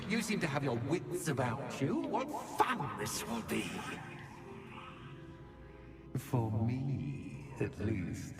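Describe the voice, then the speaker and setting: An actor playing a mischievous, playfully menacing male spirit in a video game, speaking slowly and ominously over loud game music. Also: medium pitch, very animated. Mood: teasing.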